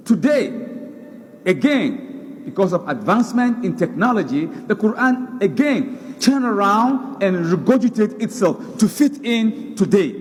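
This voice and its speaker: A man's voice: sits high, in a large hall. A man preaching a sermon, emphatic, repeating words for stress. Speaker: Islamic preacher. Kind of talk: sermon lecture.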